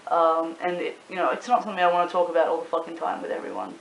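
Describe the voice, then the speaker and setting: A young woman with an Australian accent, rambling casually to camera in a vlog, swearing freely and filling pauses with ums and likes. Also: fairly low pitch, gravelly. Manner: chatty, swears freely, rambling with many fillers. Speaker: YouTuber and club promoter. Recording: echoey room with faint hiss.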